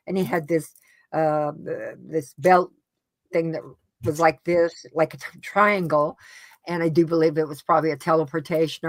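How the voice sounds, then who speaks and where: A woman as an interview guest, recounting a personal experience in an earnest, halting way with frequent restarts. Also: deep voice, no echo. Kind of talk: casual personal storytelling.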